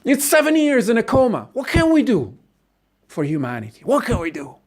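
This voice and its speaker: A man's voice: very high voice, huge pitch swings, a little fast, pitched above the performer's own voice, exaggerated voice. A man voicing a desperate relative of a patient, pleading frantically with a doctor. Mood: frantic.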